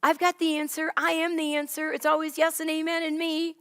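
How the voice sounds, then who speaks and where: A woman's voice: sits high, completely flat delivery, fairly quick, a bit bright, voice pushed up. A woman voicing a friendly, encouraging grown man who speaks in a casual, coaxing way. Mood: reassuring.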